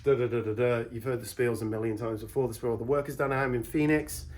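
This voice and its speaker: An English man with a mid-pitched voice runs a casual vlog from his own shop late at night. He talks bluntly and chattily, slipping into ranting asides as he works. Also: steady tone, quick pace, a little mellow. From England. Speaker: video transfer shop owner.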